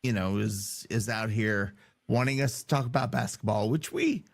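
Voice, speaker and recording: A man co-hosting a sports podcast, hoarse from yelling, talking in a casual, teasing way. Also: on the low side, normal speed. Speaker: podcast co-host.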